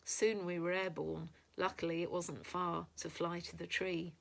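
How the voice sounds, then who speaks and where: Woman reading a storybook aloud, low-pitched. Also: level tone, measured pace, creaky. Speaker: storybook reader. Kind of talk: reading a children's book aloud.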